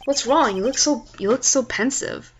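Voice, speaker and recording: A woman's voice: high-pitched, normal speed, breathy edge, dull audio. A woman reading an earnest young male lawyer.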